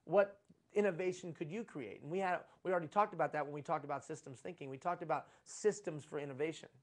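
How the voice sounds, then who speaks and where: Talking fast in a fairly high voice, a middle-aged leadership trainer gives a live conference lecture on leadership in a conference room. He leans preachy and repetitive and asks lots of rhetorical questions.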